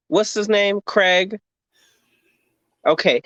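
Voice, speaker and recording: A man co-hosting a podcast, reviewing an episode in an animated, indignant rant. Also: high voice, normal speed, dry recording. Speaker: podcast co-host. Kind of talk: casual review chat. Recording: dry, dull lo-fi sound.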